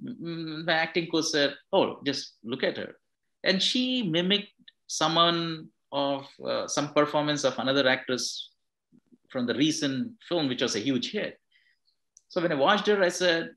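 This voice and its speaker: A man, a film director, speaks in a fairly high, sharp voice, though the audio is poor. Thoughtful in his interview answer, he keeps repeating words and restarting phrases while explaining.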